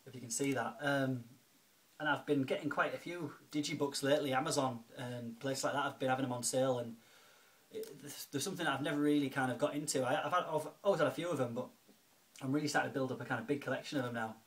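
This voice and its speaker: A man's voice: medium pitch, fairly even intonation, fast talker, fairly bright tone. Chatty man unboxing films. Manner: chatty and grateful, lots of fillers and restarts. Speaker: video blogger, film collector. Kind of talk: casual unboxing vlog.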